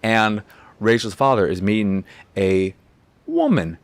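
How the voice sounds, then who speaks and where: Sarcastic, lively game review host, man. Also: lowish voice, slow pace. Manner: sarcastic, profane, animated.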